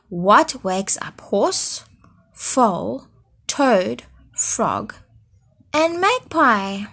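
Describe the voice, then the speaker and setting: A woman's voice: fairly high pitch, slightly rough. A woman primary school teacher reading a storybook aloud to young children, then asking them questions about it. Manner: slow, expressive read-aloud with quiz questions.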